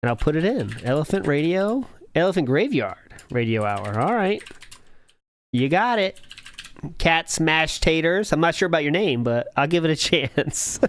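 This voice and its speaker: A man's voice: on the high side, big pitch swings, normal speed. A man co-hosting a casual reaction podcast, sarcastic and exasperated. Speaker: podcast co-host.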